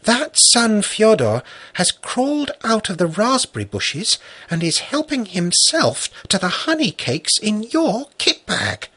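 A man's voice: high voice, huge pitch swings, measured pace, bright, forceful tone, slightly rough, voice pushed up, heavily acted. A man voicing an earnest, prim little girl in a storybook reading. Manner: mysterious whispering tone.

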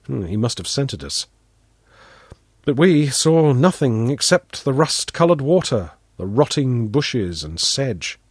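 Male narrator for a storybook reading: unhurried delivery, lively rising and falling pitch, expressive storytelling. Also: breathy edge, no room sound, clean studio sound. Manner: expressive storytelling, voices the characters. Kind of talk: scripted narration of a first-person story.

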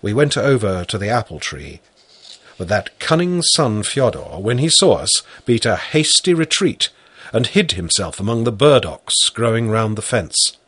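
A man narrating a story in the first person, reading slowly and expressively. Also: on the low side, breathy edge, dry recording. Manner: slow, animated storytelling.

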